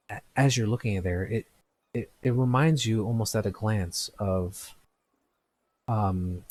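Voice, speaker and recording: A man narrating a tabletop game as game master, describing scenes in a halting, descriptive way. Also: lowish voice, darkish tone.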